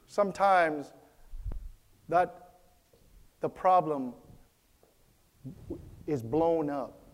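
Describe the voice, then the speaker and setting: A man's voice: on the high side, very slow. A man preaching a sermon as pastor of a church, repeating his key phrases and calling out to the congregation for a response. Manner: repetitive, preacherly, calls for response.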